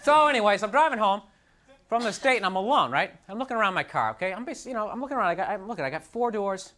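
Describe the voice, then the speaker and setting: A man's voice: high voice, expressive, fast, sharp tone. A young man doing a stand-up set on a TV studio stage, ranting in a frustrated, self-mocking way, full of "like" and "you know". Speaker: stand-up comedian. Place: TV studio stage before a live audience. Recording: 1990s TV broadcast, audience laughter and noise. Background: audience laughter.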